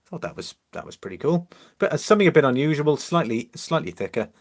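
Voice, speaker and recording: A man from Liverpool with a mixed English accent, mildly Liverpool, hosting a relaxed, casual live-stream chat and answering viewers. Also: mid-range voice, fast, gravelly. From Liverpool, England. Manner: chatty, relaxed, reads out viewer comments with easy laughs.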